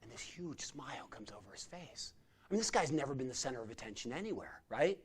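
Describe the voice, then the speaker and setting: A middle-aged man, a secular humanist chaplain, telling stories in a sermon-style talk to a community gathering, swinging from loud to quiet. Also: medium pitch, fast, breathy edge. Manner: animated storyteller who swings from loud chanting to quiet intensity.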